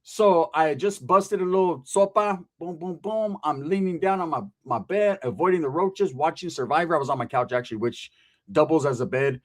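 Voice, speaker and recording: A man and former convict telling a story in casual, profane street slang, animated, swearing and laughing at his own jokes. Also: on the high side, moderate pace.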